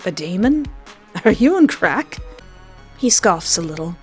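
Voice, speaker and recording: A woman playing a dry, sarcastic Irish guy at a college party, game character voice, teasing and wry, a bit of soft music under it. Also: on the low side, very animated, unhurried. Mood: scoffing. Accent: Irish (put on).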